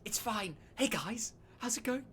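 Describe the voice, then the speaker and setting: A man's voice: high voice, lively intonation, measured pace, fairly bright tone, breathy edge, pitched above the performer's own voice, full character voice. A man voicing an eager young king in a tabletop game, bouncy and gushing. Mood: excited.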